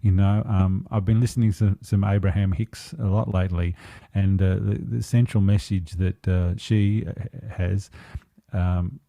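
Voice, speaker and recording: Man, coach, podcast interview, very mellow dark tone, earnest, reflective, dry close mic. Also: deep voice, fairly even intonation, a little slow, no echo. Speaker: empowerment coach.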